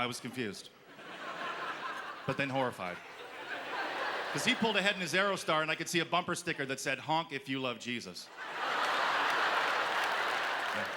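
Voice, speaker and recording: A man doing a stand-up comedy set on a festival stage, telling a story and acting out the lines of the people in it. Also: medium pitch. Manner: storytelling, acts out quoted lines. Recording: live club with crowd and noise. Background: audience laughing.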